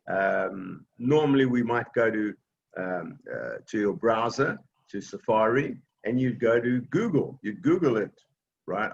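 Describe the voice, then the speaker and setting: A man's voice: mid-range voice, vocal fry, dull audio. A man teaching an online class for seniors, explaining patiently in plain words with many fillers and restarts, over a video call. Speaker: technology class instructor.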